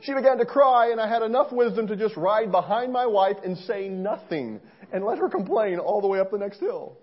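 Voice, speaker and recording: A man preaching a sermon in an earnest, storytelling way, swinging between soft asides and loud emphasis. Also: high voice, expressive, moderate pace, highs cut off. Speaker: pastor.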